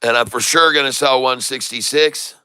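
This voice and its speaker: A man giving live stock trading commentary, excitable, repeating his sell calls to viewers and joking in broken Spanish. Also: mid-range voice, normal speed, smooth, no room sound. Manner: jokey, mixes in broken Spanish.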